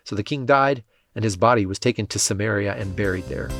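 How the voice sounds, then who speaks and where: A man giving a measured, scripted Bible reading, lightly voicing the quoted speech. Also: on the low side, fairly bright tone, soft background music. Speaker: scripture reader.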